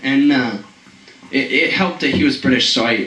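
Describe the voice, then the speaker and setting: A man's voice: mid-range voice, brisk, pushed and bright, reverberant, distant mic, rough recording. A man doing a rambling comedic monologue, stammering and chuckling at his own jokes.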